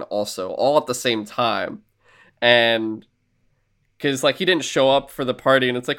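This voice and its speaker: A man talks through a film's story in relaxed podcast conversation, his voice sitting at an ordinary middle pitch. He rambles, swears freely and keeps slipping into the characters' dialogue as he retells it. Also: unhurried, smooth. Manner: rambling, profane, acts out characters' lines. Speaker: podcast co-host. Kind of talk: casual film recap chat.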